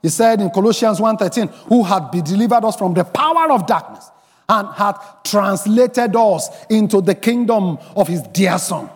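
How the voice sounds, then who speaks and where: High-voiced preaching pastor, man. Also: expressive, normal speed, long reverb tail. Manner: emphatic preaching, rising to shouts and snatches of song. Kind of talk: sermon. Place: church.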